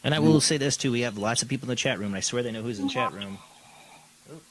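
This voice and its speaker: A man's voice: medium pitch, rapid-fire, slight background noise, rough recording. A man hosting a live paranormal call-in show, chatting casually with a caller and reading out contact details.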